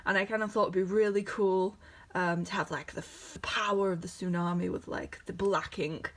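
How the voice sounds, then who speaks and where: A young woman, an artist, showing her sketchbook in a casual, chatty vlog. She is excitable and scattered and keeps breaking off mid-sentence. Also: medium pitch, moderate pace. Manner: excitable, scattered, self-interrupting.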